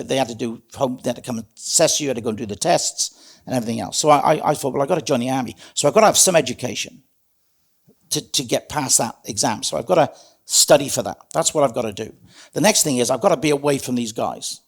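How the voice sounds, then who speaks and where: A man's voice: mid-range voice, fast talker, vocal fry, husky. A middle-aged man, telling his life story as a guest in an interview in an earnest, plain-spoken way. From South Wales. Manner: earnest, plain-spoken, calls the host mate.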